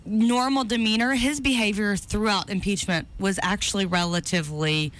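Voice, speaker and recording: A woman co-hosting a talk radio show, chatty and quick to laugh. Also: mid-range voice, steady tone, a bit bright, slight background noise. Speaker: radio co-host. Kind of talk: casual talk radio banter.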